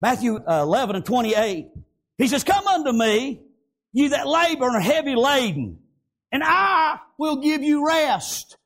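A man preaching a fervent sermon, constantly breaking in with "amen" and "praise God" and rising into shouts. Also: very high voice, big pitch swings, measured pace.

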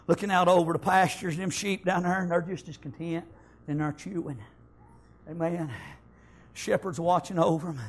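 A preacher tells a Bible story in homespun speech, his voice pitched high and husky. He swings from easy storytelling into shouted runs of praise and peppers every pause with amens. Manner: shouts in rising bursts, folksy storytelling, frequent amens. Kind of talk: sermon.

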